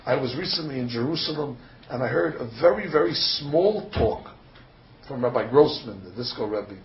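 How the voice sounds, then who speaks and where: A rabbi delivers a sermon woven with a story, his mid-range voice expressive and his pace normal. He speaks emphatically, fires off rhetorical questions, and now and then trips over fillers. The recording is dull and lo-fi, with faint ambience behind him.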